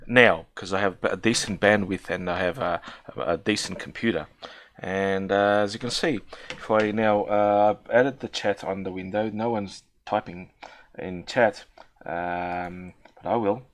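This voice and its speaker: A man's voice: lowish voice, fairly even intonation, unhurried, a little hiss or hum. A man chatting casually while testing his streaming setup, rambling with many restarts. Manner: rambling, stammering, self-correcting. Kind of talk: casual chat.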